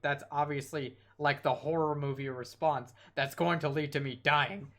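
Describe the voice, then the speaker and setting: A man's voice: on the high side, steady tone, normal speed, few pauses, a bit bright. Man reading a horror game aloud, wry. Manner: wry asides, trips over words while reading. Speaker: streamer.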